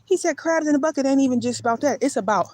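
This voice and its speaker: A woman's voice: sits high, very fast, a little mellow. Chatty woman walking outdoors at night. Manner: chatty and loose, breaks off to call her dog; talks while walking. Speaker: vlogger on a live stream. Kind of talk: casual rambling talk. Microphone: phone held by hand.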